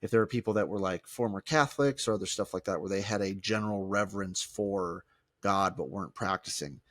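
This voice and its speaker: Animated low-voiced former pastor. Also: male voice, fairly quick, dry recording, clean studio sound. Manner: animated, restarts often, mimics people in quotes. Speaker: podcast co-host, former pastor. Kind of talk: casual conversational podcast.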